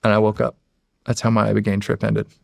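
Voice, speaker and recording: A middle-aged American man guesting on a podcast tells a long, rambling story, acting out the quotes and repeating "he's like." He talks fast in a lowish, monotone voice with vocal fry, recorded in clean studio sound with no echo.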